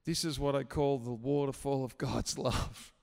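A man preaching a sermon in a church hall, swinging from hushed prayer to emphatic shouting. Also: medium pitch, steady tone, normal speed, gravelly. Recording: echoey hall reverb.

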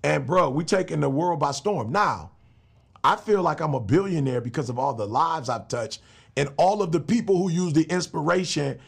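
A man's voice: a little high, lively intonation, normal speed, vocal fry, husky. A middle-aged man, a motivational speaker and pastor, talking as a guest in an emphatic, slangy, preacher-like way. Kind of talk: casual interview talk.

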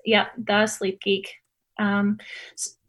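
A woman's voice: medium pitch, monotone, slow pace, a bit bright. A woman in her forties, a sleep scientist guest, talking in a chatty, easygoing way in an interview. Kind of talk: casual interview talk.

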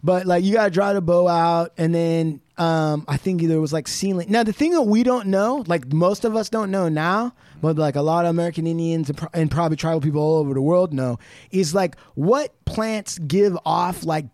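Rambling, profane man, slightly high. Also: moderate pace, a little mellow, no echo, clean studio sound. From Pacific Northwest US. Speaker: podcast guest. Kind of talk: casual podcast chat.

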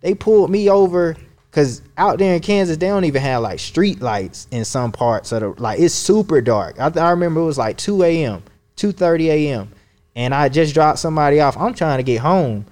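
A man's voice: on the high side, lively intonation, brisk, a little mellow. A man from Georgia with a Southern accent, a guest casually telling stories in a slangy, laid-back way. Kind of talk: casual conversational storytelling.

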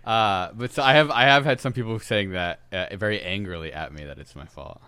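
Man, very low voice, bright edge, rambling casual co-host who laughs a lot. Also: brisk, clean tone, no echo. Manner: rambling, laughs often, trails off into mumbles. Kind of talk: casual chat.

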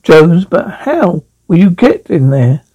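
A man's voice: high voice, big pitch swings, takes it slowly, mellow, breathy edge, dry recording, dull audio, heavily acted. A man voicing a stubborn male official, reading in a firm, clipped way.

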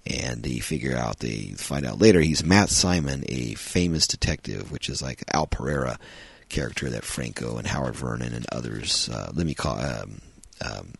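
A man's voice: a bass voice, gravelly, breathy edge, no echo. A man hosting a podcast, reviewing a film in a rambling, casual way with frequent ums and uhs.

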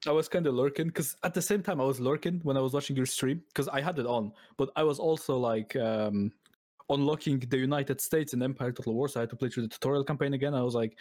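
A man's voice: medium pitch, fast, darkish tone, dry recording. Laid-back young man with a mixed Irish accent. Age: 20s. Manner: laid-back, chatty, laughs often. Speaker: podcast guest. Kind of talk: casual chat.

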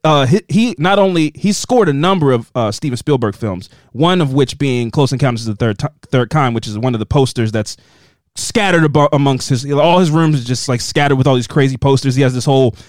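A man co-hosting a podcast, chatting casually and joking as he recaps a TV episode with quick asides. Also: medium pitch, a little mellow, dry recording, studio quality. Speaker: podcast co-host recapping a TV series. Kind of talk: casual chat.

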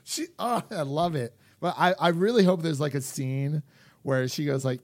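Guy cohosting a pop culture podcast, kinda high voice, super animated, dry close sound. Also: moderate pace, no room sound. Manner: animated, many fillers, acts out quotes. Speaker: podcast co-host. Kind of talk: casual chat.

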